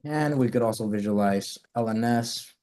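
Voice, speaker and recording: A man's voice: mid-range voice, moderate pace, a little mellow. Man talking through code step by step. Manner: talks through code step by step, self-correcting. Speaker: coding instructor. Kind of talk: live coding lesson.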